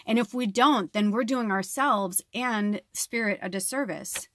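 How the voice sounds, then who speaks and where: A woman's voice: mid-range voice, a little slow, few pauses, a bit bright. A woman and spiritual medium giving a casual tarot reading, earnest and rambling with many fillers.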